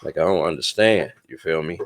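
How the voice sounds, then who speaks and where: A man's voice: very deep voice, animated, fairly quick. A man in his twenties telling a personal story in a casual, laid-back way, swearing often and checking in with his listener. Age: 20s. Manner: laid-back, swears a lot, keeps asking "you know what I'm saying".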